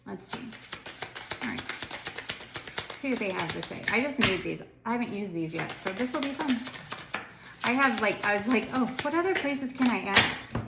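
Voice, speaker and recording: A woman's voice: a little high, expressive, moderate pace, pauses often. A woman from the United States giving a casual tarot reading to viewers, chatty and rambling, with lots of filler words. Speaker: tarot card reader. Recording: echoey room with background noise.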